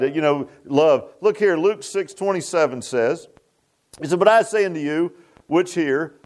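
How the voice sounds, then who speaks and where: A man preaching a sermon as pastor, folksy and rambling with restarts and asides. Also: sits high.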